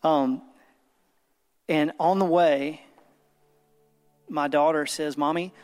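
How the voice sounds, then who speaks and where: A man's voice: fairly high pitch, steady tone, drawn-out words. A man in his thirties preaching an earnest sermon to a congregation, telling a story to make his point. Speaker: pastor. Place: church service. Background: soft background music.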